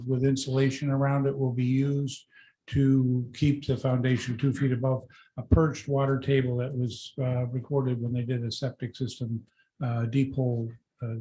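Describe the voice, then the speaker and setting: A man's voice: mid-range voice, mellow, slight background noise, rough recording. A man presenting a building plan to a town board, explaining steadily with frequent fillers. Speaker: applicant's representative. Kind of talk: presenting a project.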